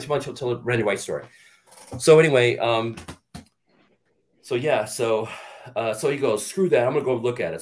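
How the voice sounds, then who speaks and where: A middle-aged man, a guest on an interview show, telling rambling, profane stories and acting out what others said. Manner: animated storyteller, acts out quotes in a louder, higher voice. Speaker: guest, actor and former football player. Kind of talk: storytelling in an interview.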